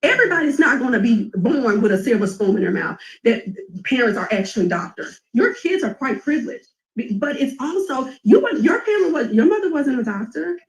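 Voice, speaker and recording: A woman's voice: high-pitched, sing-song, a little fast, roomy sound, low-quality recording. A woman giving a friend an emphatic, preachy pep talk, repeating her points, in a reality TV clip. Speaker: reality TV cast member.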